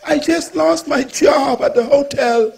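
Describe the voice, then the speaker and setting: A man voicing a desperate young mother who has just lost her job, crying and pleading as she rushes through her worries in a higher voice. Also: vocal fry, darkish tone, exaggerated voice. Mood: weeping, desperate. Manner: pleading, breathless rush of worries.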